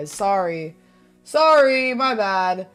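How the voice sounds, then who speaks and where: A woman streamer chatting casually, burping loudly and often, apologizing, and swearing bluntly. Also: medium pitch, lively intonation, drawn-out words, soft background music. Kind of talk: casual live-stream chat.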